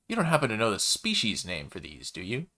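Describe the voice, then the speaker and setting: A man's voice: fairly low pitch, huge pitch swings, a little fast, bright, forceful tone, heavily acted. A man voicing a chatty, easygoing male alien baker in a sci-fi story, with a laid-back, folksy manner. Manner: laid-back, folksy, calls the listener kid.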